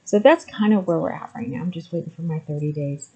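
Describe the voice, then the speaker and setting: A middle-aged vlogger shares a personal story candidly to camera in a relaxed, mellow, husky voice that sits low. She talks fast, hesitating with frequent ums before pressing her points emphatically. The recording is slightly muffled and lo-fi.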